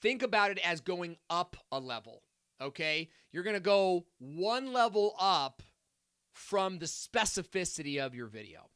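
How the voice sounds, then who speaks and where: Bright, chatty man hosting a live stream. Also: high voice, big pitch swings, unhurried, clear, resonant tone, no echo, clean studio sound. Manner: upbeat, chatty, many fillers and asides. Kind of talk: live-stream Q&A, reading viewer comments.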